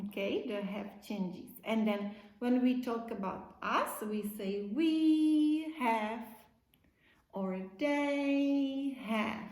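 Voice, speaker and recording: A woman teacher giving a slow, simple English lesson to young children, repeating key words. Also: on the high side, a little mellow, roomy sound, poor audio.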